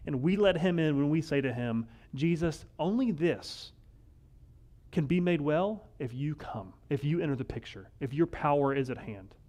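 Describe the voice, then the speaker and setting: A male pastor giving a conversational sermon, wry and animated, often acting out the lines of the people in the story. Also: medium pitch. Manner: conversational, wry, acts out quoted voices.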